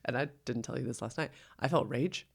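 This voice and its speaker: A woman with a low, gravelly voice co-hosts a podcast in casual, heartfelt conversation. She talks earnestly and reflectively. She often acts out her own quoted thoughts. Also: brisk. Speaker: podcast co-host.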